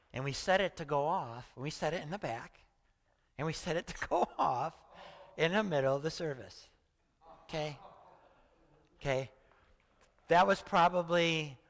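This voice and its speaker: A man's voice: on the high side, fairly bright tone. Older male pastor, sixties, conversational storytelling preacher, hall reverb. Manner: chatty, storytelling, often asks "right?". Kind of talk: conversational sermon. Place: church hall.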